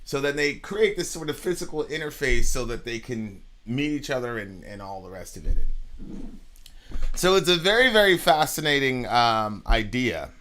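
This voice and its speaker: A young man co-hosting a casual podcast conversation, talking in an animated way and repeating words as his thoughts pile up. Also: mid-range voice, normal speed. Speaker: podcast co-host.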